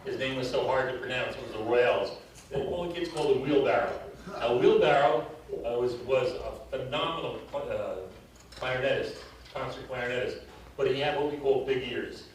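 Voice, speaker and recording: An older man runs a live drum clinic, coaching by counting off drills and telling stories while sounding a little out of breath. His medium-pitched voice comes at normal speed, picked up by a distant mic in an echoey hall with slight background noise.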